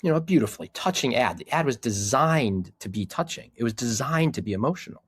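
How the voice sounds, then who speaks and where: A man's voice: mid-range voice, lively intonation, fast, breathy edge, dry recording. A middle-aged man and podcast guest who speaks earnestly and reflectively about his men's groups, often restarting his sentences. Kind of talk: casual conversation.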